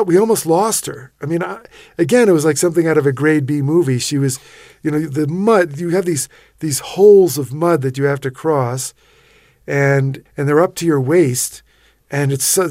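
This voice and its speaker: Animated man telling a vivid story. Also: fairly high pitch, no echo, studio quality. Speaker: interview guest, expedition writer. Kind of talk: storytelling in a radio interview.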